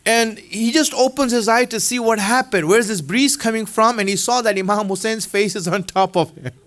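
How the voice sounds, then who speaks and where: A man preaches with a high-pitched voice, telling his story as if talking to friends. He keeps it conversational, with fillers and plain words. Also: normal speed, a bit bright. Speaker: religious speaker. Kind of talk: sermon.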